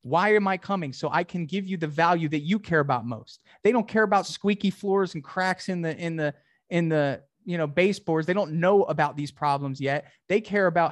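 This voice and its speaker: A man's voice: a little high, fairly quick, dry recording. A man coaching a salesperson one-on-one, direct and emphatic, often acting out customer conversations.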